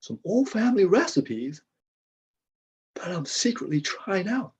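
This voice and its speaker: A man's voice: very animated, a little slow, husky, exaggerated voice. A man playing a rambling, stammering cracker factory worker. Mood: flustered. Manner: rambling, stammering, bursts of high-pitched indignation. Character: flustered older male cracker factory worker. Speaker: improv performer. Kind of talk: improv comedy over video call. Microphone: video call. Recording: dull lo-fi video call audio.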